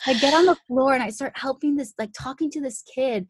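A woman's voice: high voice, fairly quick, few pauses, slight background noise. Chatty young woman telling a story. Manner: chatty, full of "like" and "um" with many restarts. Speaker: podcast host. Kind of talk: casual personal storytelling.

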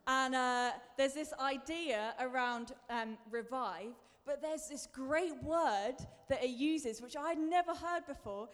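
Her voice sits high as she preaches slowly, with few pauses. The sermon is chatty and self-deprecating, rising into emphatic outbursts, and the large hall adds a long reverb.

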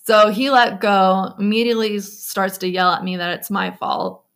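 Gravelly-voiced woman telling her story. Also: mid-range voice, steady tone, moderate pace, fairly bright tone. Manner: conversational, with frequent fillers and restarts. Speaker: guest recounting a personal story. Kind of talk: candid storytelling in an interview.

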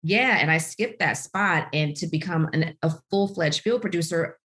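A middle-aged woman from the United States telling her career story in an interview, animated and full of "you know" fillers. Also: moderate pace. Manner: animated storytelling, voices quotes with big pitch leaps. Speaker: guest, author. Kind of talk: podcast interview, personal story.

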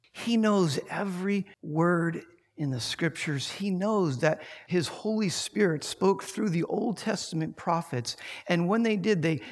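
A man preaching a sermon, telling stories in an animated way and peppering his speech with "like". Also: on the high side, slightly rough, big-room sound. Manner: animated storyteller, many filler likes. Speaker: pastor.

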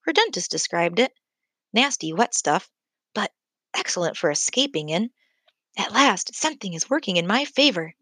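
A woman voicing a young female giraffe who is anxious but hopeful, speaking softly and earnestly. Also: medium pitch, very animated, moderate pace, slightly rough, no room sound, clean studio sound.

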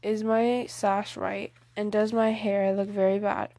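A woman's voice: medium pitch, little pitch movement, a little slow, mellow, close to an everyday voice. A woman reading the lines of a fretful, fashion-minded teenage girl in an audiobook, fussy and proper.

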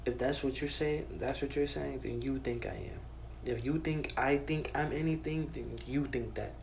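A man's voice: medium pitch, moderate pace, vocal fry, darkish tone, slight background noise. A young man giving a heated, profane monologue, full of repeated "bro" and restarts. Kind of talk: ranting monologue to camera. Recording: roomy echo with faint ambience.

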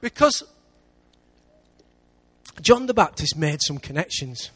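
A man with an English accent preaching a sermon in church, lively, with big swings between loud and quiet. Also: fairly high pitch, slow pace, breathy edge. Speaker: pastor.

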